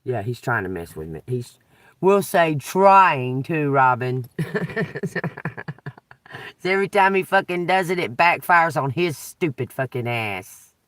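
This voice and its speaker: A woman's voice: deep voice, big pitch swings, unhurried, a bit bright, no echo. A woman ranting in a profane, agitated way, recorded a little away from the mic in a dry car. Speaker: tarot reader. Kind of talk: unscripted venting vlog.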